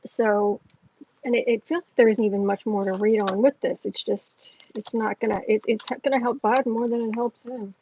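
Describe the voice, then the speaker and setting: A woman's voice: a little high, fairly even intonation, moderate pace, warm tone, slight background noise. A woman hosting a tarot livestream, chatting earnestly with viewers in a rambling way, with many restarts. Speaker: tarot reader and livestream host. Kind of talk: casual livestream chat, reading viewer comments. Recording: dull lo-fi sound.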